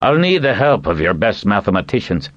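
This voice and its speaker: Man voicing a gruff old sea captain. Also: lowish voice, very animated, a little fast, dry recording, highs cut off, pitched above the performer's own voice. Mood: urgent. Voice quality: roughened.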